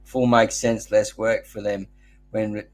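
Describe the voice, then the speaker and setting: A man's voice: lowish voice, little pitch movement, a little slow. An Australian man hosting a live gardening Q&A, chatting casually and rambling into jokey stories. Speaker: host.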